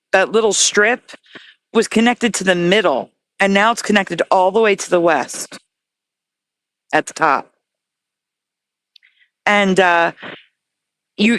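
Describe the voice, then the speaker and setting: A woman talking as an interview guest, earnest and excitable, often stopping and restarting her words. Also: on the low side, dry recording. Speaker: guest researcher. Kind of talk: casual interview talk.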